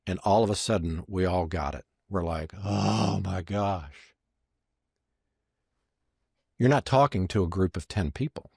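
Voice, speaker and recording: A man's voice: sits low, husky, no echo, studio quality. A man, a magician and marketing strategist, telling stories as a podcast guest and acting out the lines he quotes. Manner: lively storyteller who acts out quoted lines. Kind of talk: podcast interview storytelling.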